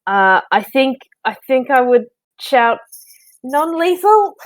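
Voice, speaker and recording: A woman's voice: a little high, measured pace, clean tone, no room sound. A woman playing in a tabletop game, talking casually and hesitantly as she decides her move. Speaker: player.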